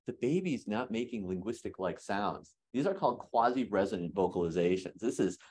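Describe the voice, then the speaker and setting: A man giving an academic lecture in a hall, lively and joking with his audience. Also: on the low side, a little fast, husky.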